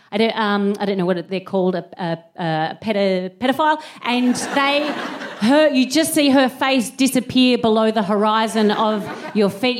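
A woman in her thirties performing a stand-up comedy routine on stage, telling an animated story. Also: on the high side, noisy background. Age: 30s. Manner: animated storytelling with put-on voices and scat singing. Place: live venue with an audience.

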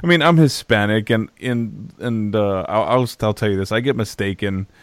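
A man's voice: on the low side, moderate pace, clear, resonant tone, no echo. A man hosting a casual podcast interview. He often stumbles over and repeats words, and he laughs along with his guest.

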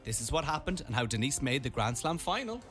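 A man from Ireland co-hosts a casual radio chat, reading things aloud and riffing on them playfully. His voice is bright, and his pitch sits a little high and moves a lot. Faint music plays underneath. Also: sing-song, quick pace. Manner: playful, reading out items with commentary. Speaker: radio host.

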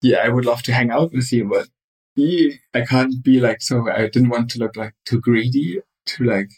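A man's voice: medium pitch, moderate pace, darkish tone, low-quality recording. A man from Germany with a German accent, speaking English as a second language and telling his story casually, searching for words as he goes. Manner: hesitant, searching for words, many fillers.

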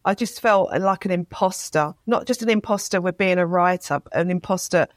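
A woman's voice: lowish voice, normal speed, dry recording. A woman, a writer speaking as an interview guest, retelling her experience with feeling and acting out quotes. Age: 50s. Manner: emotional, animated retelling with acted-out quotes. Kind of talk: candid interview talk.

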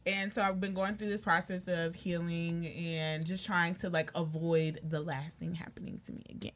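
A woman's voice: lowish voice, little pitch movement, moderate pace. A young woman on a casual podcast, candidly telling a dating story and reading text messages aloud. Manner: candid storytelling, reads texts aloud, laughs loudly. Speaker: podcast co-host.

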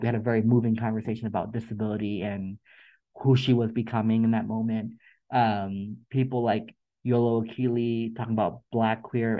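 Earnest reflective man, slightly dull audio. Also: lowish voice. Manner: earnest, reflective, repeats words as he thinks. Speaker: podcast guest. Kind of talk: emotional interview conversation.

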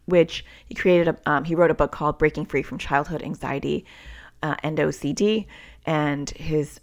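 A woman's voice: fairly low pitch, vocal fry. A middle-aged woman hosting a parenting podcast, explaining step by step in a conversational way with casual fillers. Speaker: parenting podcast host and coach. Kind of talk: solo podcast advice talk.

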